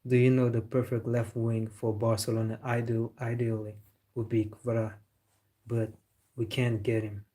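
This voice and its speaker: A man's voice: mid-range voice, little pitch movement, normal speed, dark tone. A man hosting a live football reaction stream, chatting casually and answering viewers with strong opinions. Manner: opinionated, replying to chat.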